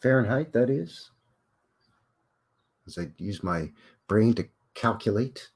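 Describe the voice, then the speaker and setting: A man's voice: lowish voice, lively intonation, takes it slowly, darkish tone, slightly rough. A man hosting a rambling live stream, talking with viewers in a folksy, conversational way full of fillers and asides. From Canada. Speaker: livestream host.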